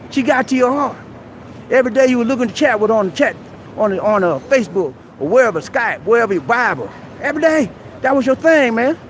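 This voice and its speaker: Streaming live from outdoors at a crowded mall, a strikingly high-voiced man rants motivational advice in a preachy, exhorting manner. He keeps addressing his viewers as "man," and faint traffic and street sounds linger in the background.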